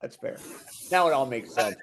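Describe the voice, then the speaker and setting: A man's voice: medium pitch, very animated, normal speed, crowd noise. Male host, playful and teasing, casual video-call talk. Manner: joking, teasing. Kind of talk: casual group chat.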